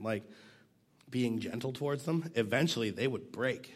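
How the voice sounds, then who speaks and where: His voice is lowish, a little fast, and breathy at the edges. While casually teaching a Bible passage in a conversational, self-deprecating manner, he fights off a cough and occasionally drops nearly to a whisper.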